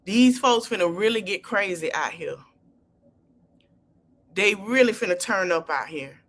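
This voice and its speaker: A woman podcast host, talking in an impassioned, casual way, swinging between low murmurs and loud high outbursts. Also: lively intonation, a little slow, long pauses, a little hiss or hum.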